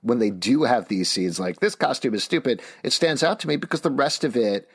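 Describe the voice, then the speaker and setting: A man hosting a casual podcast discussion, chatty and animated when quoting others. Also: medium pitch, brisk, husky. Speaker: podcast host.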